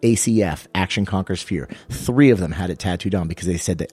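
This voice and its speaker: A man's voice: brisk, hardly any pauses, husky. A man co-hosting a podcast, telling a story as a fitness coach and acting out the quotes he tells. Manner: energetic storyteller, acts out quotes with raised pitch.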